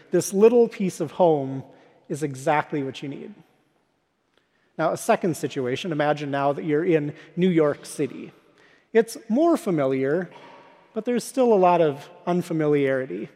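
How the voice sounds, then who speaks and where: A man's voice: on the high side, a little mellow. A man preaching a sermon, telling everyday stories in a conversational way to his listeners. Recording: long hall reverb.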